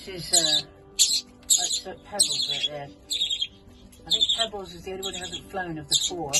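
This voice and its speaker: A woman vlogging in her bird aviary, coaxing and cooing at her budgies in affectionate baby talk, with soft laughs. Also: lowish voice, very noisy. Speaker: budgie keeper and channel host. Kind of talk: casual vlog talking to pet birds. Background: loud music and chirping budgies.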